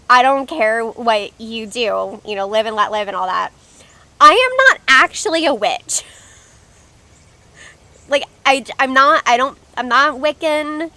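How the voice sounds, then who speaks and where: A woman's voice: a little high, pushed and bright, no room sound. A young woman hosting a casual game livestream, chatting with viewers and reading their comments aloud. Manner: chatty and giggly, reads out chat comments. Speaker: livestream host.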